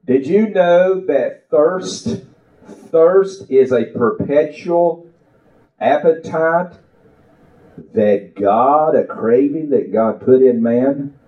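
A man's voice: medium pitch, dark tone, reverberant, far from the mic, highs cut off. A man preaching an impassioned sermon to a church congregation, exclaiming and telling a story. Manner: impassioned, exclaiming, rising and falling.

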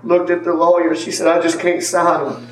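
A man's voice: fairly high pitch, completely flat delivery, moderate pace, background noise. A man giving an earnest church testimony, repeating phrases and calling on members of the congregation by name. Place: church sanctuary. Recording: echoey church from far off with faint ambience.

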